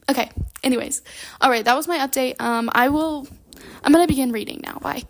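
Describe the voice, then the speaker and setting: Young woman, chatty vlogger, slightly high voice with vocal fry, rambling and bubbly, recorded at home on a handheld mic. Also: quick pace. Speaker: book vlogger. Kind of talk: casual chatty vlog. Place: at home, moving between rooms. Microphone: handheld microphone.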